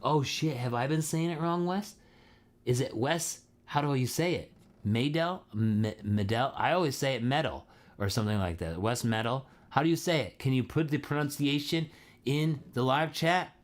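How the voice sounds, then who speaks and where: A man's voice: mid-range voice, normal speed. A man who is a singer hosting a live stream, chatting casually with viewers in a laid-back, chatty way and laughing often.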